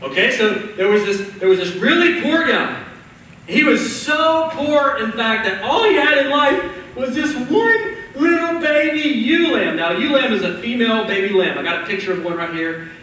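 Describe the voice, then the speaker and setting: A man preaching with lively, conversational storytelling, his voice high and bright. It rings around a big, echoing church hall and is picked up from some distance, with a faint background hiss. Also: moderate pace. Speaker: pastor. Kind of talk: sermon. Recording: echoey hall from far off.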